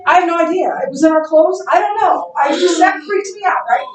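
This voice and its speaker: A middle-aged woman teaching a Bible class in a casual, animated way, telling stories and laughing easily. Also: very high-pitched, fairly quick. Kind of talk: casual classroom lecture with anecdotes. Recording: echoey classroom, distant mic.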